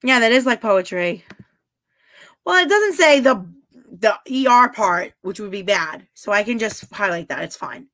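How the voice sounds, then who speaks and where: A woman's voice: mid-range voice, lively intonation, measured pace, fairly bright tone. A woman chatting casually on a live stream, answering her chat bluntly and swearing freely. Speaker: livestreamer reading chat.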